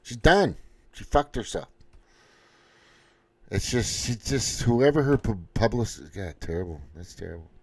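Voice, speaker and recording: A middle-aged man, pitched a little low, rants casually over clips. His delivery is sarcastic and crude, heavy on swearing. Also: animated, normal speed, long pauses, a little mellow, breathy edge. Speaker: commentary host. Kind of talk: casual reaction commentary.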